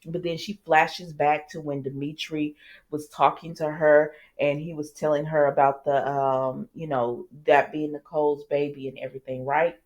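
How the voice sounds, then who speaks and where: A woman walks her viewers through a soap opera episode in a casual, chatty recap. She is lively and talks straight to the audience, dropping in asides as she goes. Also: low voice, moderate pace.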